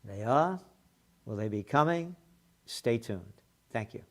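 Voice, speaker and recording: A man's voice: mid-range voice, animated, slow pace. A man hosting an opinionated news commentary show, blunt and sarcastic, with profane heated outbursts. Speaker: host of a trends commentary show.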